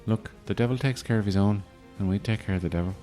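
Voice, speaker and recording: A man's voice: fairly low pitch, fast, warm tone, natural voice. Man playing a chatty, teasing Northern Irish heavy who rambles, with faint music behind. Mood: sly. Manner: rambling, teasing, mock-formal "Mister Ford".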